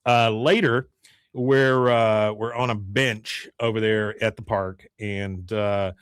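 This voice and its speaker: A man's voice: slow pace, smooth, dry recording, studio quality. A man hosting a podcast, casually recapping a cartoon episode and acting out the characters' lines. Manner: acts out characters' lines with animated pitch jumps. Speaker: podcast host.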